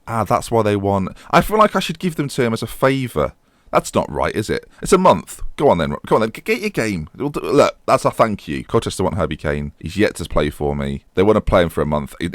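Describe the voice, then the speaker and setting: A young man commenting on his own football management game, chatty and self-mocking, excitable when the match heats up. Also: sits low, brisk, no room sound, clean studio sound. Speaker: gaming YouTuber.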